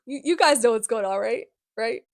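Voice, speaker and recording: A woman in her twenties giving a comedic book recap, animated and sarcastic, laughing often. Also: on the high side, moderate pace, no room sound, studio quality. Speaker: book vlogger.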